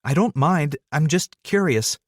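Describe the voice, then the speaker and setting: A man's voice: a little high, expressive, measured pace, no room sound, studio quality, voice pushed up. A man voicing a determined young woman, a schoolteacher who speaks firmly and demandingly. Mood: curious. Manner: firm, demanding.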